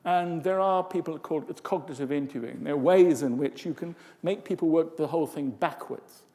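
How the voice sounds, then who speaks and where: An older man gives a lively conference talk, acting out voices and asides as he goes. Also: a little high, brisk. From England. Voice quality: expressive, lively delivery with vocal demonstrations and asides. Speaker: conference speaker. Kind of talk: lecture to a live audience. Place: large conference hall. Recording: reverberant hall.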